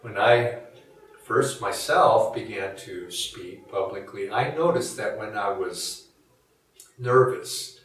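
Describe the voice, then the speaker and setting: A man giving a reflective spiritual talk in a measured, musing, conversational way. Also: on the low side, animated. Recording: echoey room from a distant mic.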